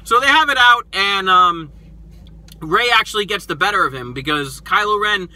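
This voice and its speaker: A man hosting a toy show, excitedly retelling a movie in a casual, animated way, acting out the lines and swearing freely. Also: sits high, normal speed, rough recording. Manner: animated storyteller, acts out quotes, swears freely.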